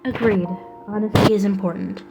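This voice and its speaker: A woman's voice: mid-range voice, fairly even intonation, normal speed, gravelly, loud music behind the voice, lightly acted, low-quality recording. A woman reading aloud as a stiff, formal and shy young prince in a visual novel. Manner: formal, stilted speech.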